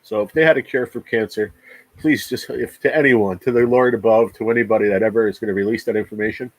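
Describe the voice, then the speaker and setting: Livestream host, a man in his forties, low husky voice, swearing and ranting with heavy emphasis. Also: steady tone, quick pace, no echo, rough recording. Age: 40s. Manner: repeats words. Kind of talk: casual livestream chat.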